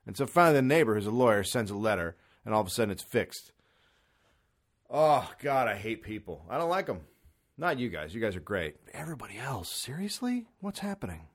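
A man hosting a podcast alone at home, ranting comically in an exasperated, profane way with sudden loud bursts. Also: on the low side, very animated, fairly quick, slightly rough. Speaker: podcast host. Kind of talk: solo comedic rant. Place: son's room in an apartment. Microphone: studio microphone.

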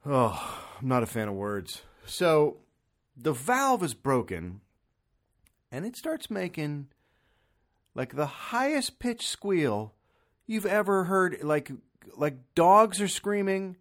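Exasperated man ranting with lively pitch. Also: slow, pauses often. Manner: exasperated, profane, animated with sudden loud bursts. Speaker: podcast host. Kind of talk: solo comedic rant. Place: son's room in an apartment. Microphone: studio microphone.

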